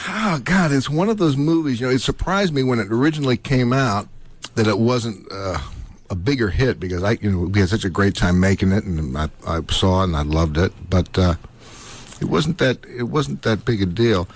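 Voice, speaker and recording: Husky-voiced man telling lively anecdotes. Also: on the low side, moderate pace. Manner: animated anecdotes with laughs and acted-out quotes. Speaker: guest actor. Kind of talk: radio interview storytelling.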